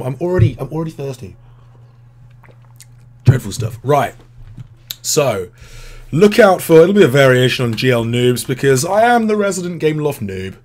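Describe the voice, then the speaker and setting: A man's voice: a little high, sing-song, moderate pace, pauses often, a little mellow. A British man hosting a game livestream, chatting casually, reading out viewer messages and joking at his own expense. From Britain. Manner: chatty, self-deprecating, reads out chat messages. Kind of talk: casual gameplay commentary.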